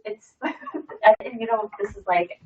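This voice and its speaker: A woman's voice: medium pitch, big pitch swings, a little slow, a little mellow. Brief: woman in her 30s, rambling storyteller, distant and muffled sound. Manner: chatty storyteller, many fillers and restarts. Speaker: guest sharing a testimonial. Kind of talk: casual chat. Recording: muffled audio from far off the mic.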